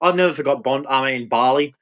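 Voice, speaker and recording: A man's voice: mid-range voice, fast, fairly bright tone. An Australian man hosting a livestream, ranting angrily and emphatically as he repeats words. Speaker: livestream host. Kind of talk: heated solo rant.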